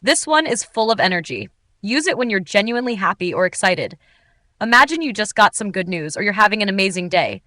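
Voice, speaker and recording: A woman teaching English in an upbeat, clearly articulated, scripted narration. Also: mid-range voice, very animated, fairly quick, sharp tone, no room sound.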